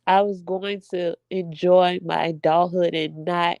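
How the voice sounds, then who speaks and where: A woman's voice: on the low side, fairly even intonation, a little slow, a little mellow, no echo, clean studio sound. A young woman venting to her viewers in a casual, emphatic heart-to-heart, addressing them as y'all. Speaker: vlogger.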